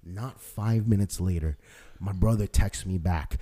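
A young man co-hosting a podcast, telling a story with excitement, laughing and swearing, and acting out the people in it. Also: sits low, a little slow. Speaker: podcast co-host. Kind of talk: animated storytelling chat.

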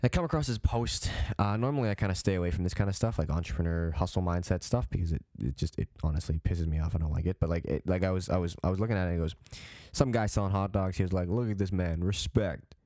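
A man's voice: deep voice, fast talker, dark tone, no echo, studio quality. A young man in his late teens from Canada, hosting a podcast and telling a story in a casual, rambling way, with frequent swearing, restarts and fillers. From Calgary, Canada. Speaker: podcast host.

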